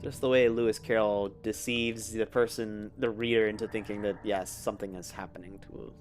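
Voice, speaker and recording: A man's voice: fairly low pitch, steady tone, normal speed, slight background noise. A man giving casual, rambling commentary as he plays a video game, chatty and self-amused. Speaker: let's play host.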